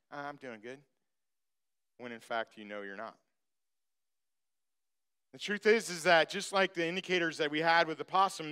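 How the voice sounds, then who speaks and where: A man's voice: a little high, clean tone. A male pastor preaching a sermon and telling a personal story from his farm childhood. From grew up on a farm. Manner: storytelling, animated when acting out the story. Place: church.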